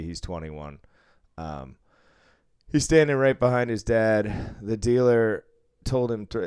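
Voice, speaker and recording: A man in his thirties tells a work story in relaxed chat, cursing often and slipping into the voices of the people he quotes. His voice is smooth and clear. The sound is dry, with no room echo. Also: on the low side. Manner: profane, animated, acts out quotes. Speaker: casino supervisor telling a story.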